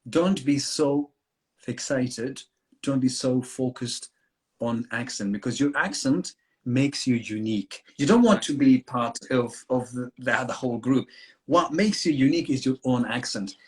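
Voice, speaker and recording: A man's voice: mid-range voice, measured pace. A man whose first language is Kurdish, an English teacher talking in a rambling, friendly way on a live video call. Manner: rambling, filler-heavy, friendly advice-giving. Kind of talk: live online chat.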